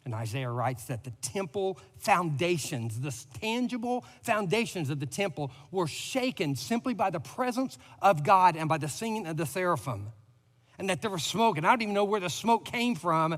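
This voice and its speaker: A man's voice: high-pitched, very animated, normal speed, fairly bright tone, in a large hall. A man preaching a sermon as pastor, building emphasis and lifting his voice on repeated words. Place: church sanctuary.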